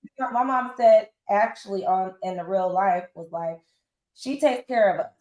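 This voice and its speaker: A lively woman in her forties talks through her experiences like a friend catching up, slipping into other people's voices as she quotes them. Her voice carries a roomy echo around it. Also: medium pitch, normal speed. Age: 40s. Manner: animated storyteller acting out quotes. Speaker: interview guest. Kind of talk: casual interview talk.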